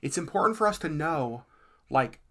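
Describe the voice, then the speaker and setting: Lively low-voiced woman podcaster. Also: moderate pace. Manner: animated, earnest, laughs easily. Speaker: podcast co-host. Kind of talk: casual podcast chat. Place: lives in Alaska.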